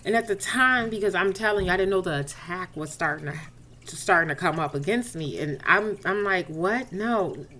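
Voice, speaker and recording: A woman's voice: fairly low pitch, animated, normal speed, pushed and bright. A woman speaking directly to listeners as she tells a personal faith testimony, casually and conversationally, and often replays the dialogue as she retells it. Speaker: inspirational speaker.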